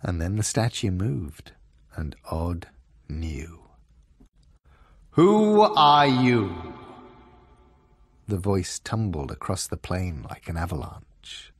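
Slow expressive male storyteller. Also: low voice, no echo, studio quality. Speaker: audiobook reader. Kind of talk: storybook reading for children.

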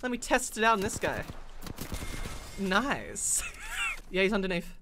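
A woman streaming a shooter game with friends, teasing them and bursting into loud laughs and shouts. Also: mid-range voice, very animated, unhurried, noisy background. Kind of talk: excited gaming banter.

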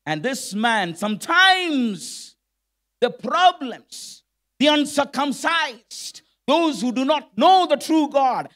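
A church elder delivers a storytelling sermon with a strikingly high male voice. He speaks slowly and deliberately, and his pitch rises and falls a great deal as he presses his listeners with direct questions. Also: big pitch swings, fairly bright tone. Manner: dramatic, asks the congregation direct questions.

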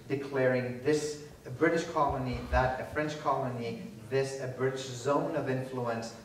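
Man, keynote lecture, animated, sarcastic humor, booming hall echo, distant mic, faint hiss. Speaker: keynote speaker. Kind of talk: university lecture and Q&A answers.

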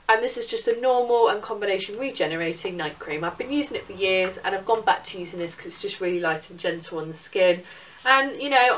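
A woman's voice: mid-range voice, a bit bright, recorded from a distance, a little hiss or hum. Chatty teen girl, swears freely. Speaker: beauty vlogger. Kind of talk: casual haul chat.

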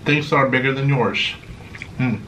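A man chatting on an eating vlog, dry and teasing, tossing deadpan jabs. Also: mid-range voice, normal speed, slight background noise, low-quality recording. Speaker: co-host partner. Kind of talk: casual eating vlog chat. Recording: clattering dishes and clicks behind.

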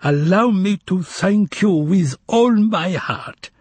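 A man puts on a courteous, eccentric foreign gentleman for a storybook reading, his words lifted higher and stretched out slowly with a husky edge. The stranger savors every polite phrase in a foreign accent, recorded dry and close. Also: big pitch swings, no echo, heavily acted. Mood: delighted. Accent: foreign accent, put on. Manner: slow, drawn-out, overly polite exclamations. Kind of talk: audiobook character reading.

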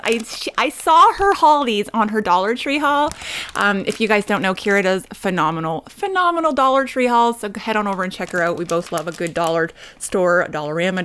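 A woman in her thirties from Canada, chatting through a home unboxing vlog, bubbly and quick to squeal and laugh. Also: medium pitch, fairly bright tone, slight background noise. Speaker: vlogger. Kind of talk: unboxing vlog, casual chat.

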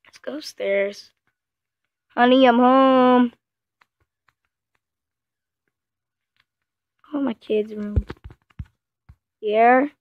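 A woman's voice: medium pitch, takes it slowly, no echo. A woman voicing an easygoing married man buying a car in a game role-play. He rambles and talks to himself. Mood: excited. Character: easygoing male car buyer with a wife. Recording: muffled and noisy, with background clicks.

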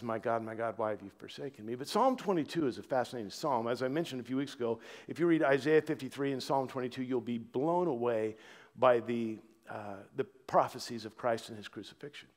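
A man's voice: medium pitch, a little fast. Preaching man in an echoing church. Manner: dramatic swings between loud proclamation and hushed near-whisper. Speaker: pastor. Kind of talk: sermon.

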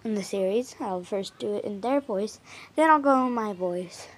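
A woman's voice: medium pitch, moderate pace. A woman vlogger in casual chat, rambling with fillers and self-corrections. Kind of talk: casual home video chat.

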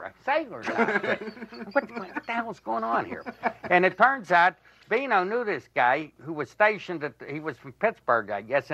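A man's voice: a little high, pushed and bright, muffled recording. An older man telling a rambling, laughing anecdote from his past, peppered with "you see".

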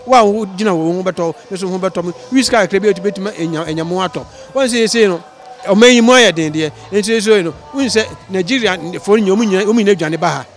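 A high-voiced man with a Ghanaian accent speaks in an outdoor street interview. He talks earnestly and pleadingly, halting and restarting his sentences. Faint music plays under the recording.

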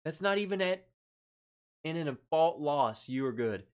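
A man's voice: fairly high pitch, expressive, a little slow, clear, resonant tone. Chatty man hosting a tasting livestream. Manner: chatty, reads out chat comments, laughs often. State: stressed. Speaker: livestream host. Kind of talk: casual live-stream chat.

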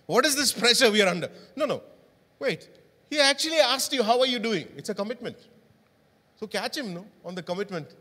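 His voice sits high and sounds sharp as this pastor delivers his sermon in a church hall. He keeps things interactive by frequently questioning the congregation, and the recording carries a long hall reverb.

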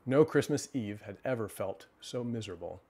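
A man hosting a livestream, reading a children's storybook aloud and then chatting with viewers in a relaxed, halting way. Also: lowish voice. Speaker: storyteller host.

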